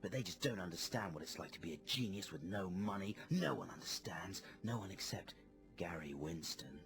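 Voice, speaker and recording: A man's voice: low-pitched, animated, moderate pace, over music. A man playing a giddy young male slacker genius in a comedy radio sketch, breathless and eager with rising exclamations.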